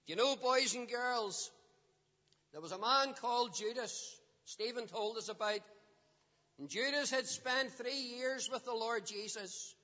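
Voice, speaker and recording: A man with a high, bright voice preaches to children, often stopping to put questions to them. The sound is dull and lo-fi, with a long reverb from the hall around him. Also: unhurried. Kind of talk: children's gospel talk.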